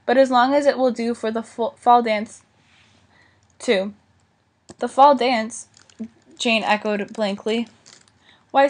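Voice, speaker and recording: A woman reading a children's novel aloud, giving the dialogue light character inflection. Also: on the high side. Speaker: audiobook reader. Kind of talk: scripted narration of a children's novel.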